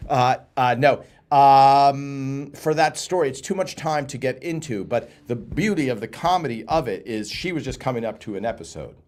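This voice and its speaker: A man's voice: medium pitch, normal speed, hardly any pauses, darkish tone. A man, a comedy writer appearing as a guest, rambling through casual anecdotes and acting out the lines of the people in them. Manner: rambling, acts out quotes from his stories. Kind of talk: casual anecdotes on a live stream.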